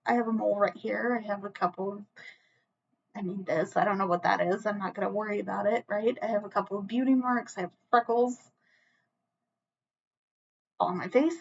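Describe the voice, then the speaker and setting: A woman gives a solo tarot reading to camera, speaking earnestly and emotionally, close to tears, often restarting and offering a reassuring "okay?". Her husky, creaky voice sits at medium pitch with a steady tone, moving fairly quickly but broken by long pauses. The sound is lo-fi.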